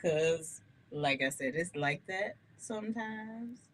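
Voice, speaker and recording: A woman hosting a live gospel radio show, talking to listeners in an animated, candid way and laughing often. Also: lowish voice, slow pace. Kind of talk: live-streamed radio talk, testimony.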